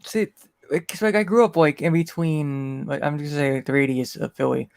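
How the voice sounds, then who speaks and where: A man's voice: fairly high pitch, lively intonation, a little fast, creaky, no echo. A man from the Philadelphia area with an American accent, rambling animatedly as a guest in a group chat. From eastern United States.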